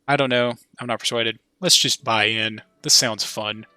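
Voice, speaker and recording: Man reading game dialogue, flat and forceful. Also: mid-range voice, normal speed, clean tone, no room sound. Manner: chatty asides between read lines. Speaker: let's play host.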